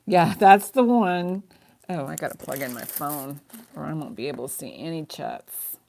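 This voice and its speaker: A middle-aged woman runs a live online jewelry auction in loose, rambling chat, laughing often. Her voice sits low with a gravelly fry. She talks like she is chatting with regulars. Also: moderate pace, mellow. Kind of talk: casual live-stream selling.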